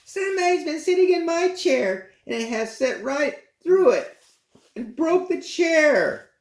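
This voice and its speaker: A man voicing a tiny, tearful baby boy bear in a squeaky high falsetto, drawn out and wailing. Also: lively intonation, measured pace, heavily acted. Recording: roomy echo.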